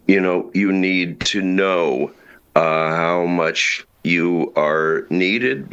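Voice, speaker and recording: A man from the United States, a guest voice actor, speaking in a booming, measured and encouraging way. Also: bright, forceful tone, lo-fi sound. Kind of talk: casual interview talk.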